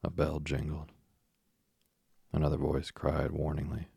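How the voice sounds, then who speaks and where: Super deep raspy guy reading a sleepy story, flat and slow, dry close mic. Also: dry recording. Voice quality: deep gravelly voice. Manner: soft, even, unhurried delivery. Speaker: narrator.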